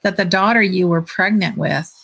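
A woman's voice: lowish voice, moderate pace, gravelly, fairly bright tone, breathy edge. Wry woman on a video call. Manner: wry, self-deprecating humor. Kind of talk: casual group chat over video call.

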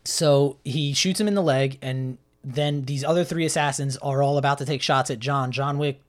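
A man's voice: medium pitch, fairly even intonation, moderate pace. Casual rambling man retelling a plot. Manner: rambling retelling with acted-out quotes and many fillers. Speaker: podcast co-host recapping a film. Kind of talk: casual chat.

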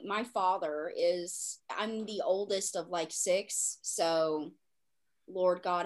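A woman's voice: lowish voice, fairly even intonation, slow pace. A young woman hosting a podcast in casual chat, laughing often and using casual slang. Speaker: podcast host.

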